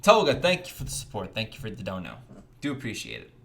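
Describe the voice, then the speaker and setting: Brief: young American man hosting a gaming livestream, bright voice, lively pitch that jumps when greeting chat. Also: fast, vocal fry, a little hiss or hum. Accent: General American. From United States. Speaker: livestream host. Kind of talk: casual livestream chat reading donations.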